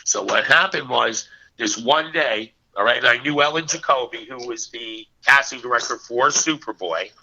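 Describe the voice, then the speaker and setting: Bright-voiced New man telling stories. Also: medium pitch, moderate pace. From New Jersey, US. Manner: animated anecdotes with quoted voices. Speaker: actor guest. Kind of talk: casual storytelling interview. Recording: muffled lo-fi audio.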